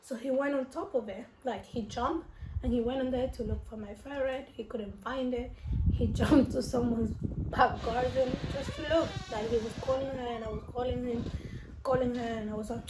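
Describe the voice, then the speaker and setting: A woman's voice: fairly high pitch, steady tone, normal speed, a little mellow. A young woman vlogger telling a personal story at home in a rambling, emotional way, full of fillers and restarts. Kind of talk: casual storytelling while eating. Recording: roomy room with faint noise.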